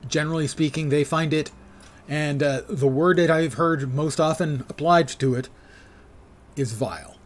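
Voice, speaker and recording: A man's voice: on the high side, moderate pace, slight background noise. A man in his sixties streaming a game and chatting casually, with dry, self-mocking asides. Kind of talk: casual live gameplay chat.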